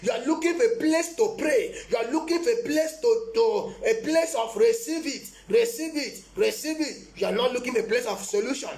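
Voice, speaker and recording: A man's voice: very high-pitched, a little fast, hardly any pauses, a little mellow, reverberant. A man preaching as a prophet in a live-streamed sermon, emphatic and repetitive, often breaking into laughter.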